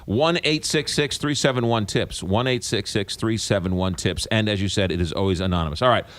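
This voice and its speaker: A man's voice: fairly low pitch, fairly quick, a bit bright, no echo. A man hosting a radio morning show, joking and upbeat, repeating key details for listeners. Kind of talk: casual radio interview banter. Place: radio studio. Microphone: studio microphone.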